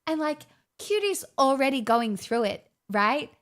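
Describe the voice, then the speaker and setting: A woman's voice: high-pitched, very animated, unhurried, a bit bright. A woman streamer in casual livestream chat, rambling with restarts and swearing freely.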